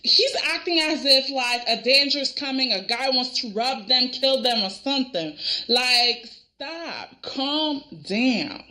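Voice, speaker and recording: A woman talks straight to her viewers in a casual reaction review, animated and exasperated. Her voice sits a little high and sounds bright and forward. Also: normal speed. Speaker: soap opera reviewer.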